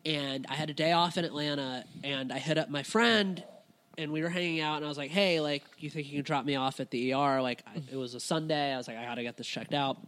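A man with a slightly high voice chats in a loose podcast conversation. He tells his stories with animated energy, swears, and laughs as he goes. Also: quick pace. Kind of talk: casual storytelling chat.

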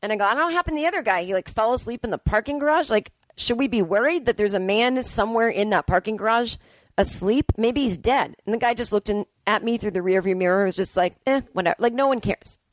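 A woman in her forties hosting a podcast, telling comic stories in a profane, ranting, animated way. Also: a little high, fast, no echo. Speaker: podcast host. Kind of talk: comedic storytelling monologue. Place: Brooklyn.

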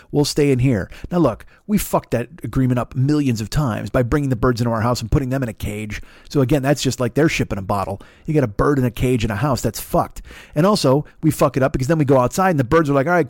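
A man's voice: mid-range voice, darkish tone, dry recording, clean studio sound. A man hosting a podcast who delivers a profane, rambling comedic rant full of restarts and acted-out bits. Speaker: podcast host.

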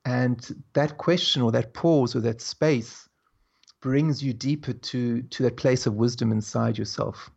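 A man as an interview guest, telling stories in a slow, reflective way with soft laughs. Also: mid-range voice, steady tone, vocal fry, dull audio. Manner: slow, musing, laughs softly between thoughts. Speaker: guest, spiritual teacher. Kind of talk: reflective conversational storytelling.

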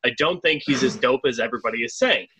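A man co-hosting a podcast, recapping news in a measured, somewhat hesitant way. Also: medium pitch, animated, pushed and bright, a little hiss or hum. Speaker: podcast co-host. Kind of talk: casual podcast chat.

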